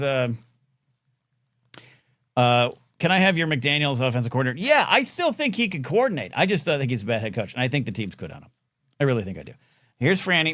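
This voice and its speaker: A man hosting a live talk show from his apartment, low on energy and distracted, rambling and self-deprecating as he keeps talking to his dog. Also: a bit bright, no echo. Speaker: host. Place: apartment at home. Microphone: desk microphone.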